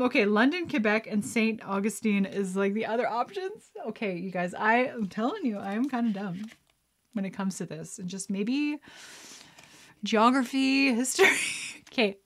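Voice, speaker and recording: A woman's voice: medium pitch, moderate pace. A woman vlogger chatting casually while playing a trivia card game, reading questions aloud, muttering guesses and laughing. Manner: chatty and excitable, squeals and laughs at right answers.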